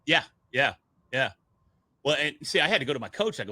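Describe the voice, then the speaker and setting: A man's voice: medium pitch, a little fast. A man who speaks in public, telling stories in a casual podcast conversation and acting out the dialogue he quotes. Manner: animated, acts out quoted dialogue.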